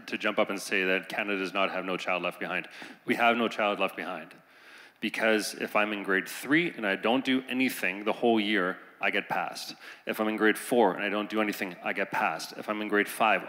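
A man's voice: fairly low pitch, bright, forceful tone. A man on a conference panel speaking earnestly, building urgency as he makes his case. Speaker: panelist, teacher. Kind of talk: panel talk. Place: conference hall. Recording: reverberant hall.

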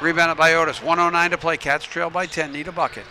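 A man doing play-by-play commentary for a high school basketball game. He calls quick plays and adds coaching asides. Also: little pitch movement. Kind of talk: local sports commentary. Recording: noisy gym ambience. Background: game crowd and ball bounces.

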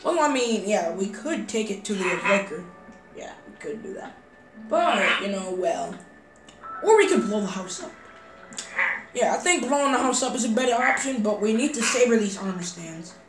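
A woman voicing every character in a game role-play story, hesitant and full of fillers, breaking into excited shouts. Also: medium pitch, normal speed. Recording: roomy recording over game music.

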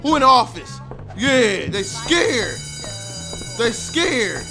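A man giving loud, frustrated gameplay commentary, yelling and trash-talking at the game. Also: very high voice, sing-song, takes it slowly, creaky, music in the background. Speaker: gameplay streamer.

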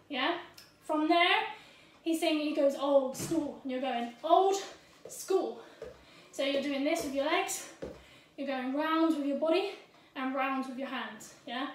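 A woman dance teacher with a high voice talks a routine through slowly and scats the rhythm in quick syllables, often asking "yeah?". She is a little out of breath. She is recorded far from the camera in a very echoey room. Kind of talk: dance tutorial with counting and rhythm vocalizing.

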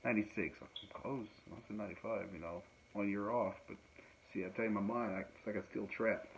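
Low-pitched man, casual rambling talker, home recording, muffled lo-fi sound with light hiss. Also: steady tone, brisk. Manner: rambling, joking, lots of fillers and laughs. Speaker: musician and podcast host. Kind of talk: casual chat. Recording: dull lo-fi sound with faint noise.

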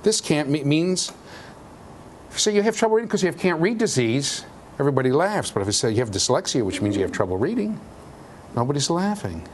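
A man giving a university lecture in an animated, jokey way, with sudden loud outbursts. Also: fairly high pitch, brisk, slight background noise. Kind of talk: classroom lecture. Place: lecture hall.

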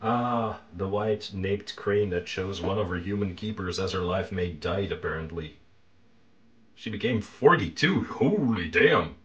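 A man's voice: low voice, measured pace, a bit bright, highs cut off. A man chatting casually with his viewers during a painting stream, making dry sarcastic jokes. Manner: joking, dry sarcastic asides.

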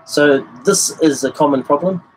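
A man whose voice sits a little high gives a laid-back livestream guitar lesson at normal speed, explaining the technique and turning rhythms into sung syllables. Guitar can be heard behind him on the low-quality recording.

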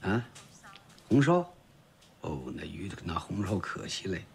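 An actor playing a calm man in a film scene who talks about cooking fish in a plain, matter-of-fact way. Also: low voice, a little slow, creaky, slight background noise, exaggerated voice.

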